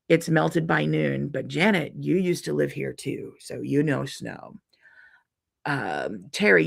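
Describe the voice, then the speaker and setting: A woman's voice: sits low, vocal fry, slightly rough. A middle-aged woman hosting a casual live stream, chatting in a rambling way with frequent ums and restarts while reading viewer comments. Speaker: quilting channel host reading live comments.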